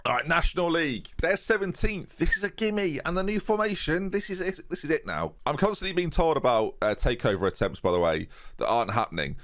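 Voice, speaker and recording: A man's voice: fairly high pitch, big pitch swings, fairly quick, background noise. A young man commentating on his own football-management game, chatting casually and joking to his viewers in rambling asides. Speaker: gaming YouTuber. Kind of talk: casual let's-play commentary. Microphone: USB desk microphone.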